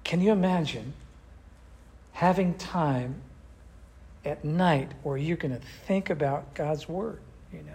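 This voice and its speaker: A man's voice: fairly high pitch, slow pace, vocal fry, pauses often, darkish tone. An older man, a pastor, teaching a church class in a conversational way and asking the group questions.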